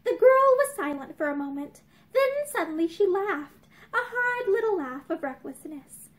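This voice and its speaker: A young woman reading a novel aloud to camera, with measured storytelling and dramatic emphasis. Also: extremely high pitch, very animated. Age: young adult. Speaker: narrator. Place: indoors, room with bookshelves.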